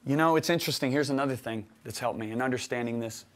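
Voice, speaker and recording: A middle-aged man teaching a sermon, who swings from loud emphatic preaching to soft, quiet confession and acts out his own quoted words. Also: mid-range voice, fast talker.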